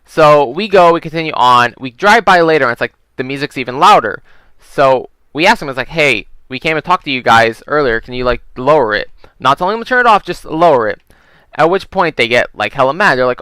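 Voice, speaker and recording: A man's voice: medium pitch, animated, fairly quick, bright, forceful tone, clear, resonant tone, no echo. A young man casually telling a long story while playing a game, rambling with lots of "you know" and frequent swearing. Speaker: gaming video creator telling stories. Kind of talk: casual storytelling over gameplay.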